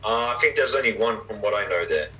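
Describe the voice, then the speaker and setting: A man's voice: fairly low pitch, animated, fast, pushed and bright, highs cut off, slight background noise. A young man chatting casually and hesitantly, with lots of fillers and restarts. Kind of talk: casual chat.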